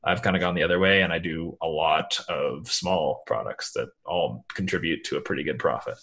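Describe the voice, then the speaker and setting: A man with a deep, low voice talks through his answers in a relaxed interview. His delivery is loose and meandering, full of casual fillers. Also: fairly quick, gravelly. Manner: relaxed, rambling, many "like" fillers. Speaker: guest, online seller.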